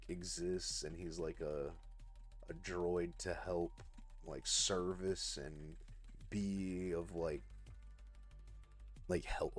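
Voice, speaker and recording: A young man casually retelling a story on his live art stream, rambling with lots of fillers and swearing. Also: deep voice. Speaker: livestreaming artist.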